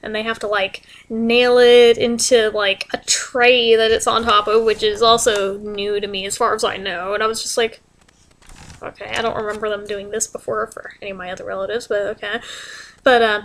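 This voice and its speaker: A woman's voice: medium pitch, flat delivery, normal speed, a bit bright. A young woman telling a story in a casual vlog, chatty and exasperated, swearing freely. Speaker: vlogger.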